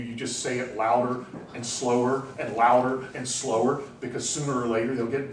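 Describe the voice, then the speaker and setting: A man giving a university class lecture, telling anecdotes in an animated, chatty way with frequent "you know"s. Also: medium pitch. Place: lecture room. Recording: roomy classroom, distant mic, faint hum.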